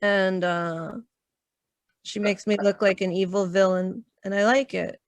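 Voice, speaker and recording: A woman with a smooth, clear voice doing a stand-up set, picked up close and dry. She hesitates between jokes and then drops her punchlines deadpan. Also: medium pitch, a little slow, no echo. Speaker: stand-up comedian. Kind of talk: stand-up comedy.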